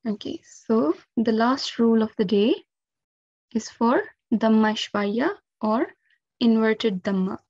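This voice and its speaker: Slow, patient woman teaching recitation rules. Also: fairly high pitch, darkish tone, dry recording, dull audio. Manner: patient, careful step-by-step explanation with frequent 'um' and 'okay'. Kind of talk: instructional lesson.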